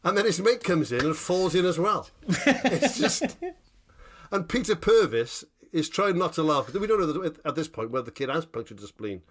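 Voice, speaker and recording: A man co-hosting a casual chat podcast, telling animated, sweary stories and checking in with "right?" after every point. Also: fairly high pitch, moderate pace. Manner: animated storytelling, sweary, keeps asking "right?". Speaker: podcast co-host.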